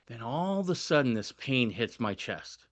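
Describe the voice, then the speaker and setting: A male podcast host telling a story in a casual, animated way, often tagging his sentences with "right?". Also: medium pitch, moderate pace.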